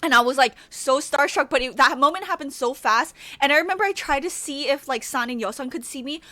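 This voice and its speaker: A young woman co-hosting a podcast tells a story in a high, bright voice. She talks in an animated way and often breaks into laughter. The recording is dry and close. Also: a little fast, no room sound. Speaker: podcast co-host. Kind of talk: casual chat.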